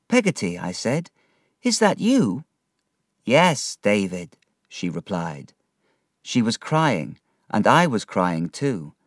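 Male storybook narrator, unhurried delivery, very animated pitch, dry close mic. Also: no room sound. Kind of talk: storybook reading.

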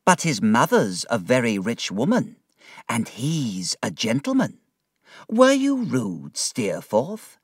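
A man voicing a cruel, bullying male headmaster in a storybook reading, slow and menacing with heavy emphasis. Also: mid-range voice, huge pitch swings, no room sound, clean studio sound, recorded from a distance, heavily acted. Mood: stern.

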